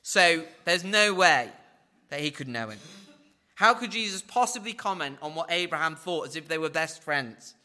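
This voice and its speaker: A man giving verse-by-verse Bible teaching, acting out quoted lines with big swings in pitch and dropping in wry asides. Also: lively intonation, moderate pace, bright, forceful tone.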